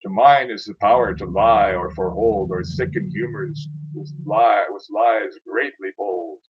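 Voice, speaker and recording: A man's voice: fairly low pitch, a little slow, dull audio, background noise. A man reading his own poetry aloud in a dramatic, declaiming way, with casual asides between poems.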